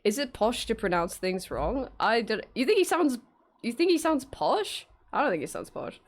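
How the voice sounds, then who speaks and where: A woman's voice: on the high side, very animated, normal speed. A young woman streaming while she draws, chatting casually, giggling, swearing freely and answering her chat.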